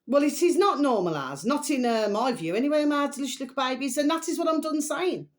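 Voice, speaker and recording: A middle-aged woman vlogger delivers a casual opinion monologue to camera in a high, animated, fairly quick voice. She rambles and chats emphatically, repeating her pet phrases.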